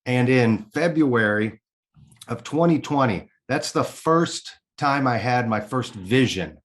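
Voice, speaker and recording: In a casual interview, a middle-aged man from the Kansas City area narrates his own experiences with energy, plenty of profanity, and thoughts spoken aloud. His pitch is medium and his pace slow.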